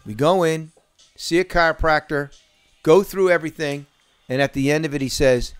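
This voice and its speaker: A man's voice: fairly high pitch, normal speed, clean tone. A man in his fifties telling profane, boisterous sales stories in a casual podcast chat. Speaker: podcast host.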